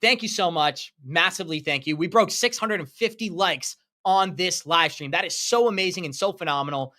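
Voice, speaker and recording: Upbeat male live-stream host, bright and high-pitched, effusive and chatty. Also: normal speed. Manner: upbeat, effusive, thanking viewers by name. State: running out of breath. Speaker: crypto livestream host. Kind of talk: live stream chat, reading donations.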